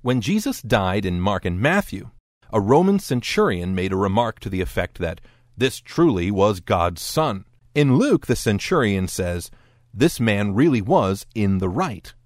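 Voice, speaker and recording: Male lecture narrator, low and expressive, wry delivery, dry close mic. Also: unhurried, no room sound. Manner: dry, wry explanatory tone with lively quoted voices. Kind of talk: scripted narration.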